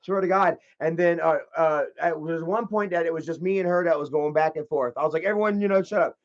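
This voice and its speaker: A man's voice: on the high side, fairly even intonation, brisk, dull audio. A man telling a story in a casual, profane, rambling rant, often repeating himself. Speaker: channel host.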